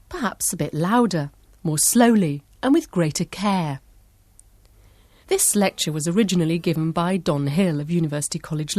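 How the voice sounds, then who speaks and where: A woman narrating an educational lesson in a clear, measured voice. She sits low in her range but moves her pitch around a lot. The sound is close and dry. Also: darkish tone, no echo. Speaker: course narrator.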